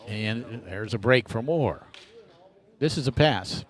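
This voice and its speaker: A male play-by-play commentator calls the match live, snapping out each move as it happens. His voice sits at an ordinary middle pitch. A faint hiss runs beneath the commentary. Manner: rapid, energetic shot-by-shot calling.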